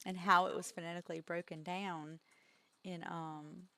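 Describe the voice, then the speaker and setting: A woman's voice: on the low side, little pitch movement, normal speed, sharp tone. A woman co-hosting a game stream from home, telling a rambling story in casual chat and breaking into giggles. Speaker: streamer co-host.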